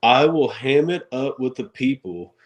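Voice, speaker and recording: A man, a wrestler guest on a podcast, telling stories in an animated way, acting out quotes and laughing often. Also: medium pitch, unhurried, rough recording. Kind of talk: casual storytelling interview.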